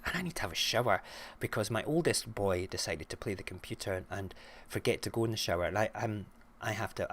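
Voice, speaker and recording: A man's voice: low-pitched, a bit bright, slight background noise. A Scottish man hosting a live-streamed morning show, chatting and ranting frankly with plenty of swearing. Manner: frank and ranty, swears freely. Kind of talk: casual live-stream chat and rant.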